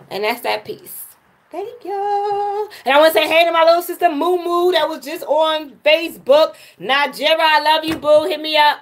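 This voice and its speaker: A woman's voice: sits high, moderate pace. A woman hosting her own livestream, talking straight to viewers in a chatty way and often repeating words. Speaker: livestream host and poet. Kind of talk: casual livestream chat with viewers.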